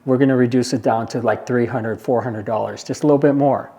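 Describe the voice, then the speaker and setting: Guy with a relaxed dark tone walking staff through rules, chatty, keeps asking "okay?". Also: medium pitch, brisk, muffled recording. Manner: conversational, repeats points, asks the room for questions. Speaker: presenter at a care agency meeting. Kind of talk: informal staff briefing.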